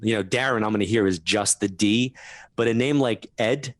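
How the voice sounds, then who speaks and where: Male guest, low-leaning voice, chatty storyteller, laughs easily, dry studio sound. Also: dry recording. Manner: laughs through his stories, quick asides. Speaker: guest medium. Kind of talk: animated storytelling interview.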